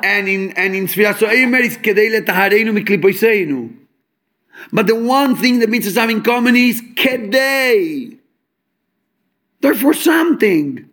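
Animated high-voiced man teaching Torah. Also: normal speed. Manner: animated, explains with homely examples; mixes English with Hebrew and Yiddish terms. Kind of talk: fabrengen talk on Chassidic teachings.

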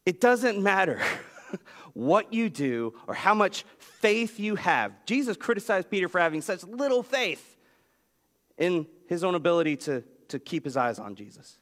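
A man preaching a sermon as pastor, telling a story with lively swings in pitch. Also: a little slow. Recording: long reverb of a large hall.

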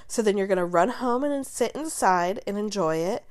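A young woman hosts a casual pop-culture rant show, her mid-range voice neither high nor low. She talks fast and animated, swearing freely and laughing often between sarcastic asides. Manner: quick, animated rants. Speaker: host.

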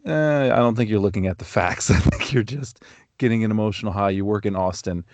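A man's voice: on the low side, a little fast, a little mellow, dry recording. A man hosting a casual podcast, offering opinions in long, thoughtful run-on sentences. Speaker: podcast host.

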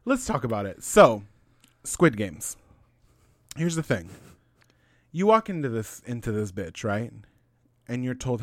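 A man's voice: medium pitch, big pitch swings, normal speed, pauses often, no room sound, clean studio sound. A man in his late twenties co-hosting a casual podcast, giddy and joking, swearing a lot. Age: 20s. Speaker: podcast co-host.

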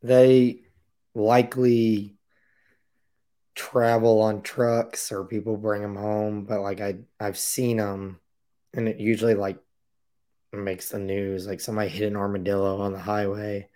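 A man with a raspy, hoarse voice hosting a casual podcast interview, talking in a relaxed, chatty way with lots of fillers. His voice sits low and mellow, and his tone is relaxed and laid back. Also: a little slow. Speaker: podcast host.

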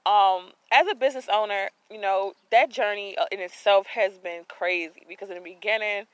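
A woman's voice: medium pitch, steady tone, normal speed, clean tone, dry recording, poor audio. A woman hosting a faith podcast, talking outdoors into her phone, earnest and a little out of breath, often repeating words as she searches for them. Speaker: podcast host. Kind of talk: casual faith talk.

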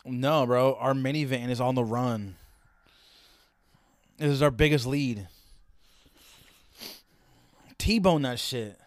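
A young man hosts a reaction video, ranting with casual commentary in an unhurried, mid-range voice. He's profane and wisecracking throughout, and there's no room sound.

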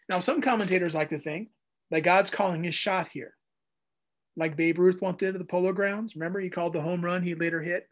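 A man preaching a conversational Bible teaching, animated and acting out little voices as he goes. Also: high-pitched, brisk. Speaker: pastor. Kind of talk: expository sermon.

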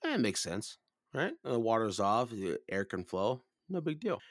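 A man around thirty telling a long, profane story in casual chat, rambling and then rising loud and high when he rants. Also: very animated, normal speed, dry recording, clean studio sound. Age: 30s.

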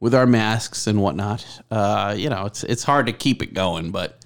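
A man co-hosting a podcast in casual chat, rambling and animated, often acting out other people's voices in his stories. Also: lowish voice, moderate pace, gravelly. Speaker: podcast co-host.

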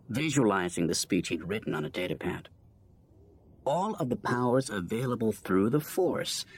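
A man reading a story aloud, narrating with expressive delivery and voices for the characters. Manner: expressive, shifts pitch for voices. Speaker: audiobook reader.

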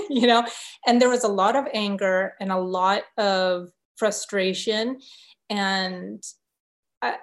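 A woman's voice: mid-range voice, fairly even intonation, slow. A woman guest in a conversational interview, telling her story in an earnest, openly emotional way.

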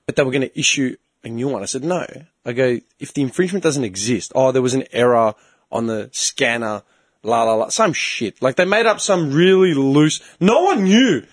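An Australian man in casual chat, telling a story with lively swings in his voice and acting out the people he quotes. He swears freely and sounds loose and unscripted. The recording is dry and close, with no room around him. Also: medium pitch, moderate pace, no echo. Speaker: podcast co-host.

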